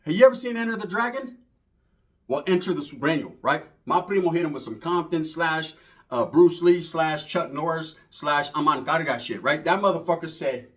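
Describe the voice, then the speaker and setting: A man's voice: on the high side, expressive, moderate pace, fairly bright tone. A man telling a rambling, profane street story in casual slang, full of asides. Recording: voice from far off the mic.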